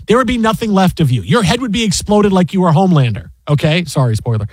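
Host, man in his fifties: excitable talker who keeps restarting, high pitch. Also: fast, slightly rough, no room sound. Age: 50s. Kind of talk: casual studio chat.

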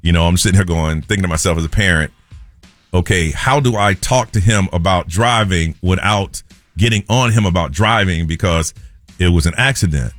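Guy radio host telling a story, low voice, dry close sound, acts out everyone. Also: normal speed, a bit bright, dry recording, soft background music.

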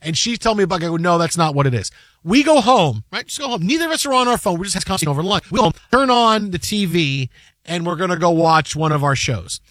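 A man hosting a sports talk show, telling rambling stories in an animated, joking way. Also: high-pitched, fast, no echo, studio quality. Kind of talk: casual chat.

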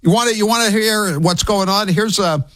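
A man's voice: high-pitched, normal speed, fairly bright tone, dry recording, studio quality. A man hosting a talk radio show, speaking bluntly and scornfully and rambling with restarts as he takes callers. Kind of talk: opinionated talk radio chat.

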